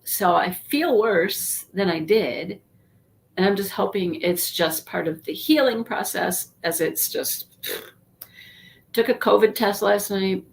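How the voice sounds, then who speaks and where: This YouTube livestream host sounds gravelly, with a medium pitch, and takes things slowly. She rambles casually to viewers and greets them by name despite being congested from a sinus infection.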